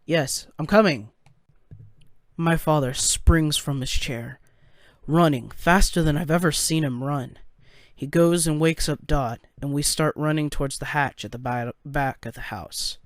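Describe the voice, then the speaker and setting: A man narrating a first-person story in a halting, anxious way, stumbling over his words. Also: on the high side, no room sound, clean studio sound. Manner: halting, anxious, with stammered restarts.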